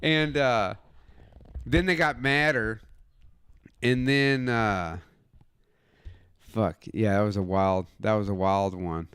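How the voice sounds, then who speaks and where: A man's voice: fairly low pitch, takes it slowly, pauses often, a bit bright, clear, resonant tone, no room sound. A man co-hosting a casual podcast, telling a rambling, profane story into a close studio mic. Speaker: co-host.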